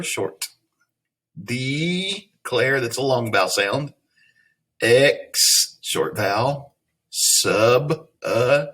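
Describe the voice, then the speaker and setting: A man's voice: mid-range voice, bright, forceful tone. A man teaching an online reading lesson, patiently sounding out words and repeating the patterns. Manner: patient, repeats patterns slowly, thinks aloud.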